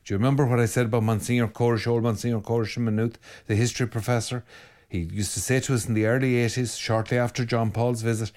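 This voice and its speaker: A man's voice: mid-range voice, quick pace. A man who is a priest, with an Irish accent, bluntly answering listener comments, reading each one aloud before giving his frank reply. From Ireland. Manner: blunt, animated, reads comments aloud then answers them.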